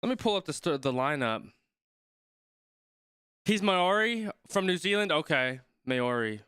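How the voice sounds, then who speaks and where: Bright, crisp-voiced young man thinking aloud. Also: a little high, expressive, a little slow, dry recording, clean studio sound. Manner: thinks aloud, reads chat, trails off mid-sentence. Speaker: streamer reacting to a rugby match. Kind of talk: casual live watch-along commentary.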